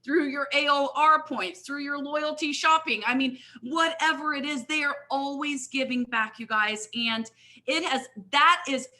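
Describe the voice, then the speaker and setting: A middle-aged woman giving a motivational talk at a live company event, energetic and constantly addressing the audience as "you guys.". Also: high voice, a little slow. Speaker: guest speaker, network marketing leader.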